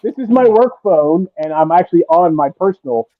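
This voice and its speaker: A man's voice: a little high, animated, fairly quick, a crowd in the background. A man joining a casual sports talk show, throwing in wry, sarcastic remarks. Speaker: podcast co-host. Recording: dry, phone-like line.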